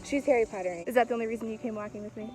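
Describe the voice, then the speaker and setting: A young woman vlogging to her camera in casual chat, upbeat and quick to laugh, filming herself outdoors on a walk. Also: a little high, music in the background, low-quality recording. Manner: chatty and upbeat, laughs often.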